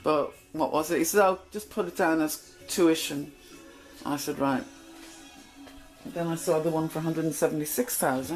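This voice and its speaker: A woman's voice: low voice, steady tone, moderate pace, faint music behind, rough recording. A middle-aged woman telling stories from her past in a casual, blunt monologue. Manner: chatty, blunt, acts out quoted exchanges. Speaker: channel host.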